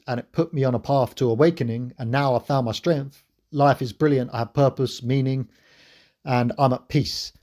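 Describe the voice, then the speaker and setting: A man's voice: medium pitch, a little mellow. A man hosting his own channel, giving an earnest, preachy spiritual monologue to camera. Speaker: channel host.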